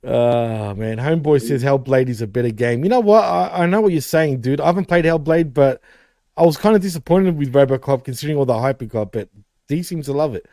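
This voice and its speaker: A man's voice: mid-range voice, brisk, warm tone, no echo, clean studio sound. A man hosting a casual podcast chat, laid-back, saying "dude" and reading viewer comments aloud. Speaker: host.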